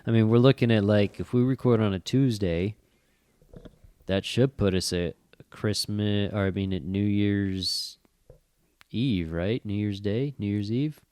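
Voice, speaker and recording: Swearing freely and acting out quotes, a middle-aged man tells an animated story while co-hosting a casual chat show podcast. He speaks at a measured pace in a fairly low, clear, resonant voice, with no echo.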